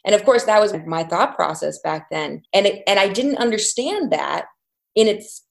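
A woman of about thirty, a guest in an interview, tells her personal story candidly and reflectively, faltering at the painful parts. Her medium-pitched voice is gravelly and animated.

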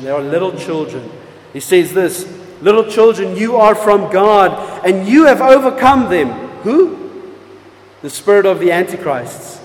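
Man, pastor, sermon, high voice, unhurried delivery, echoey hall. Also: slight background noise. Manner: emphatic preaching with wide swings in loudness and pace, drawn-out key words. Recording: echoey hall with long reverb.

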